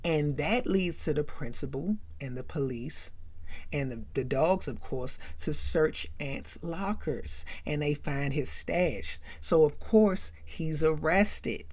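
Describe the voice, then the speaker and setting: A woman with a low-sitting voice speaks slowly as she hosts a casual movie recap. She's chatty and animated, and she keeps checking in with "right?"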